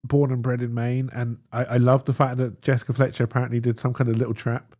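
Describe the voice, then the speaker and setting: Speaking fast in a mid-range voice, this male podcast co-host gushes about a TV episode in easygoing conversation. His storytelling is lively and eager.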